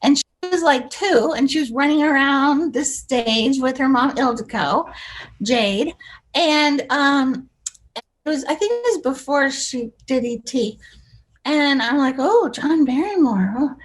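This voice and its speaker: High-voiced older woman telling stories. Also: animated, unhurried. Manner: rambling anecdotes, acting out quoted voices. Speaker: guest, comedic actress. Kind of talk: casual storytelling interview.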